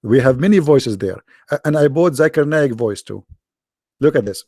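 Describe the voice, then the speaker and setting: Gravelly, tired-voiced mocking debate host. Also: male voice, mid-range voice, lively intonation, normal speed, mellow, dry recording, studio quality. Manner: mocking and sarcastic. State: tired, worn-out voice. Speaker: host of a live call-in debate. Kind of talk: live call-in debate chat.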